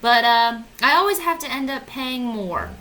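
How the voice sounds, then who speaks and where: Bright-voiced sarcastic young woman. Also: fairly high pitch, expressive, moderate pace, low-quality recording. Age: 20s. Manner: sarcastic, swearing, self-mocking. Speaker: vlogger. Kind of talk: casual comedic rant.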